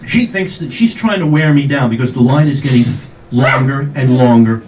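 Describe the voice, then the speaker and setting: On a comedy club stage, an older man works through a stand-up set of self-deprecating stories, punctuated by brash acted-out quotes and audience laughter. His voice is mid-range and darkish, at a moderate pace. Captured from a distance, the sound is echoey and noisy.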